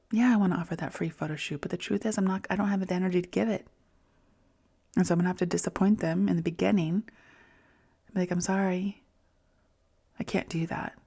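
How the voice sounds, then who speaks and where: A woman in her forties hosting a reflective personal monologue, gentle and self-soothing, often dropping to a soft whisper. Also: lowish voice, creaky. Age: 40s. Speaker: podcast host.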